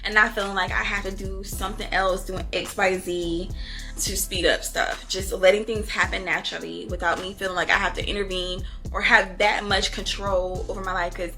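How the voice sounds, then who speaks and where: Bright-voiced chatty woman vlogger. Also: medium pitch, little pitch movement, normal speed, soft background music. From not from Houston. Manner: chatty, laughs often, addresses viewers as y'all. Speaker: book review vlogger. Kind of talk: candid casual storytelling to viewers.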